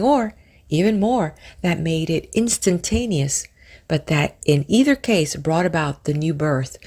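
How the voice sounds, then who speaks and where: A woman narrating an old book of spiritual prose aloud, reading in measured, drawn-out phrases that sometimes sink to a whisper. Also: fairly low pitch, a little mellow. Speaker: audiobook narrator.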